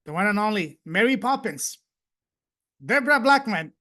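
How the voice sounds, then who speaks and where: High-voiced effusive male host. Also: expressive, normal speed, pushed and bright. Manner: effusive, grateful, repeats thanks. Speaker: host and coach. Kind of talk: live group call hosting.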